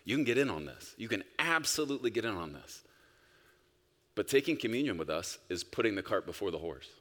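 Deep-voiced man preaching in a big hall. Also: very animated, fairly quick. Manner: emphatic, rising to loud bursts then dropping soft. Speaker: pastor. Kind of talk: sermon. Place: church sanctuary. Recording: long reverb of a large hall.

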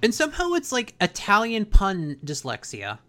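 A man's voice: sits high, huge pitch swings, normal speed, pushed and bright. A man in casual chat, recapping an episode in a laid-back, slangy way. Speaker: podcast host.

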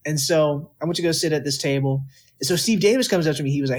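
Young male guest, early twenties, from Texas. Animated storyteller, voice a touch high. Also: a little fast, long pauses. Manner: animated, quotes people in lively voices. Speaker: guest musician. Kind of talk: casual storytelling interview.

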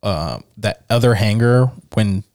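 A man with a lowish voice, laid-back and joking. He chats casually on a podcast and swears without thinking about it. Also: expressive, measured pace, a little mellow. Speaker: podcast co-host. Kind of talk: casual chat.

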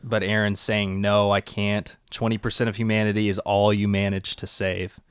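A man's voice: on the low side, level tone, normal speed, clean tone, no room sound, studio quality. A young man co-hosting a podcast, casually recapping an anime episode and thinking aloud. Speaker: podcast co-host.

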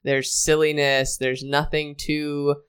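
A woman from the Washington, D.C. area co-hosting a casual podcast chat about a movie, chatty and quick to laugh. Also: low-pitched, flat delivery, smooth. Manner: chatty, laughs often, many "like" fillers. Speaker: podcast co-host.

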